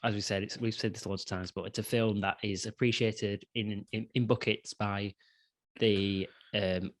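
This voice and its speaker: A man's voice: on the low side, flat delivery, moderate pace. A young man co-hosting a casual film review podcast, rambling through his points with lots of swearing and restarts. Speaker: podcast co-host.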